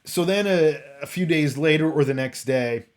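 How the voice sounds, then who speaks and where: A man's voice: fairly high pitch, normal speed. A man hosting a casual commentary stream, rambling and exasperated, often restarting his sentences. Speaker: host.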